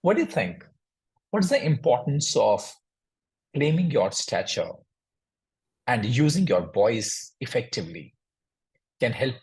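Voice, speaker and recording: A man's voice: mid-range voice, very animated, measured pace, long pauses, darkish tone, low-quality recording. A man hosting a podcast, asking earnest, thoughtful questions in a conversational interview. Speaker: podcast host.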